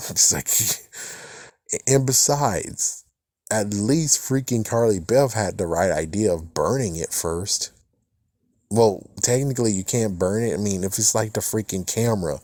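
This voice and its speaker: Low, mellow-voiced man rambling through a recap. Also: dry recording, studio quality. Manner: rambling, swears casually, chuckles often. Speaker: TV episode reviewer. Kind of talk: casual episode recap.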